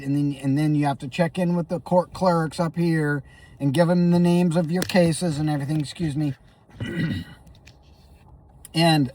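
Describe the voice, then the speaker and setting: A man's voice: a little high, darkish tone, far from the mic. Rattled man rambling through a story, coughing. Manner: rambling, stammering, clears throat and coughs often. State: shaky and rattled. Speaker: comedic vlogger.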